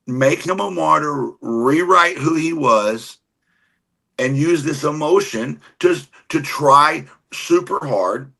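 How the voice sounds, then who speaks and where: A man delivering heated, profane political commentary with a husky edge. His tone is bright and forceful, and he stresses his points hard. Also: on the high side. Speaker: co-host or guest commentator.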